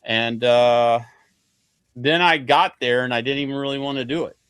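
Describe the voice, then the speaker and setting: A man's voice: mid-range voice, normal speed, a bit bright, clear, resonant tone, dry recording. A man chatting as a guest on a casual livestream, blunt and profane, talking matter-of-factly about his work. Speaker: guest artist.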